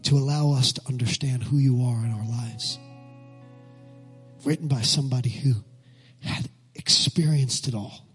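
Faint music plays behind a male pastor as he preaches passionately in a church sanctuary, leading call-and-response and then praying. His voice is husky and mid-range, fairly even in intonation, at a moderate pace.

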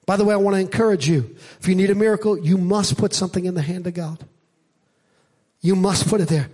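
A middle-aged man delivers a sermon from the pulpit with a notably high voice. He preaches in an animated way and rises loud and high to drive home his points. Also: fast talker. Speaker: pastor. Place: church.

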